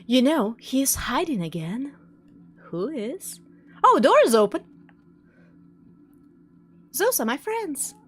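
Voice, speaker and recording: A young woman streaming a game live, commenting excitably, laughing often and jumping at scares. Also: high-pitched, takes it slowly, long pauses, husky.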